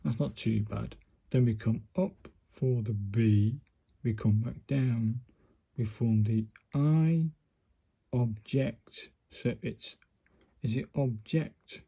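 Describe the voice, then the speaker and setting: A man slowly talking his viewers through handwriting practice, muttering each stroke as he writes. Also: mid-range voice, gravelly, dark tone, husky. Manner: slow, muttering step-by-step to himself and viewers. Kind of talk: casual narrated handwriting practice.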